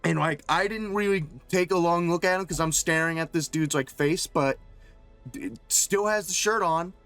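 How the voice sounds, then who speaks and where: A man's voice: fairly high pitch, moderate pace, fairly bright tone, smooth, soft background music. A male streamer telling a casual, rambling story full of swearing and fillers. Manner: rambling, profane, lots of fillers.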